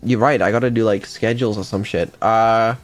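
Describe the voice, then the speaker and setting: A man's voice: lowish voice, fairly even intonation, brisk, faint music behind. A man, a developer and streamer, chatting casually on a live dev stream, laid-back and mumbling, with ums and the odd swear.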